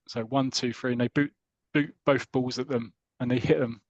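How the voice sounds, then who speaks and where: A man's voice: medium pitch, steady tone, a little fast, no room sound. A man co-hosting a podcast, chatting casually and retelling comic scenes with quoted lines. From United Kingdom. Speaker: podcast co-host. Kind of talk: casual chat about comics. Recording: dull lo-fi dry recording.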